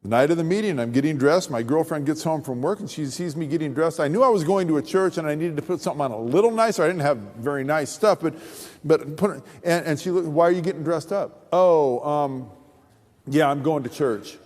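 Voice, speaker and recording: A man pastor telling his testimony in a sermon, as an animated, humorous storyteller. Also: on the high side, quick pace. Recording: long hall reverb.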